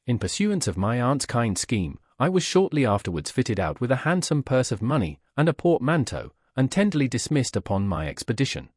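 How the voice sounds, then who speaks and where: A man narrating a classic novel as an audiobook in a measured, expressive way. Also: mid-range voice, dry recording, studio quality. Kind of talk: scripted literary narration.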